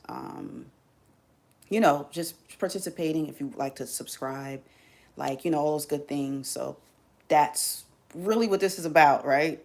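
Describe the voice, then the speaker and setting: A woman with a low, gravelly voice talks straight to her viewers in a casual livestream chat. She is animated and slangy and keeps the talk loose. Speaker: live streamer.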